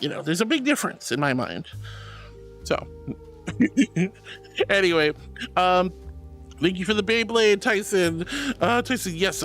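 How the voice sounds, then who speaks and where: A woman streaming as a VTuber, chatting casually and playfully with her viewers and teasing them in squeaky, cutesy tones. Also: fairly bright tone. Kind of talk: casual live-stream chat.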